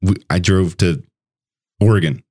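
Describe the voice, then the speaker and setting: A man's voice: low voice, moderate pace, darkish tone. A man co-hosting a casual gaming podcast, laid-back, often stammering and laughing. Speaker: podcast co-host.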